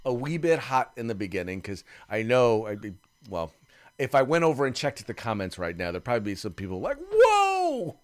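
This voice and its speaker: A man co-hosting a casual podcast, talking in an animated, rambling way with many restarts. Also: lowish voice, a little fast. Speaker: podcast co-host.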